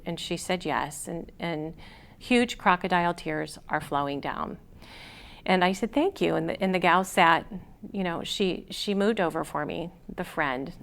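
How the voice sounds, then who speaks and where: A woman's voice: lowish voice, a bit bright. A woman, a confidence coach and show host, telling a personal story in an earnest, encouraging way. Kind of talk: casual storytelling to camera.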